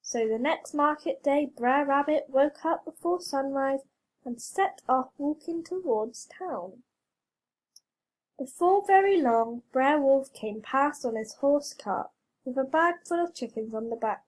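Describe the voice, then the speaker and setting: Slow, expressive woman storyteller. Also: high voice. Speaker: reader. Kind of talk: reading a children's story aloud.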